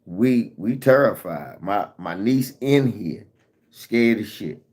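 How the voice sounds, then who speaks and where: Low-voiced man telling a frantic story. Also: takes it slowly. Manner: animated storytelling with heavy profanity. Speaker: vlogger. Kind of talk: casual storytime.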